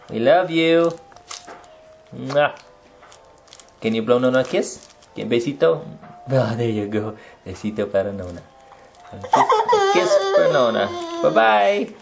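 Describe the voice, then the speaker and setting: A man's voice: medium pitch, creaky, noisy background. A man filming his toddler at home, coaxing the child in a sing-song way in a casual home video.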